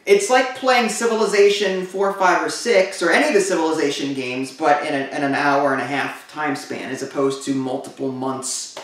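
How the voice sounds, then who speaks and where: A man's voice: fairly high pitch, fairly even intonation, moderate pace, few pauses, a bit bright. A man hosting a casual chat, rambling with lots of fillers and restarts. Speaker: host. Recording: echoey room, mic far off.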